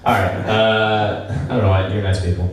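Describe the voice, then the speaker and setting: A man doing a stand-up comedy set on stage, talking in a halting, rambling way with lots of restarts. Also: on the low side, fairly even intonation, slight background noise. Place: small comedy venue stage. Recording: very echoey room, mic from a distance.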